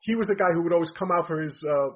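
Man, husky and high-pitched, blunt and opinionated, casual talk, dull lo-fi audio. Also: rapid-fire. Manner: blunt, opinionated, rambling with fillers. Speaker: comedy commentator.

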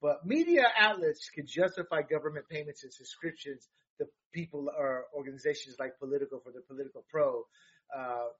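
A man with a high, husky voice discusses politics casually but heatedly, speaking haltingly with many fillers and restarts. The recording is dull and lo-fi, though a bit bright.

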